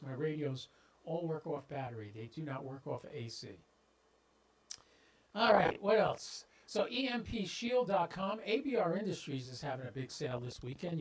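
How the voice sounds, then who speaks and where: A man's voice: a little high, breathy edge, poor audio. A man with a slightly raised voice hosts a ham radio livestream in a casual, folksy way. He speaks straight to his viewers and drops in little jokes. A clip-on mic on his shirt picks him up, with some popping. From southeastern US. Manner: folksy, talks directly to viewers, stumbles into jokes. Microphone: clip-on microphone on shirt.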